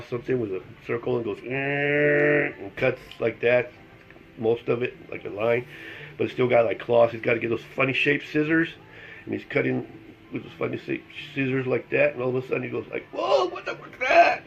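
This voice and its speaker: A man's voice: mid-range voice, gravelly, dull audio. A middle-aged man chatting casually as he tells a personal story, laughing along and acting out what people said. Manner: chatty, laughs through his story, acts out the dialogue. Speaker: vlogger telling a personal story. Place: at home with his dogs.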